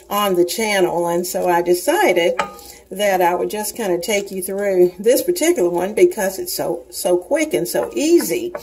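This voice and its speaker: Cooking in her own kitchen, a woman in her sixties runs a casual demonstration for her channel, talking to viewers in a homey way. Her voice is on the low side, a little mellow with a breathy edge, and the audio quality is poor.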